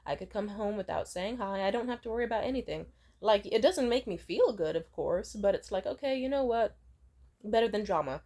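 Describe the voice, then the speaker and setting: A woman's voice: mid-range voice, lively intonation, fairly quick, dark tone. Young woman vlogger, frank and sweary, loose rambling storyteller. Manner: candid, profane, rambling. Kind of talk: casual storytime.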